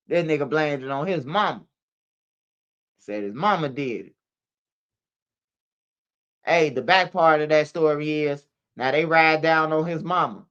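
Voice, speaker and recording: A man's voice: on the high side, unhurried, pauses often, fairly bright tone, smooth, lo-fi sound. A man hosting a casual street news commentary stream, slangy and emphatic, ending lines with "bro" and "man". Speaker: commentary channel host. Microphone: streaming setup microphone.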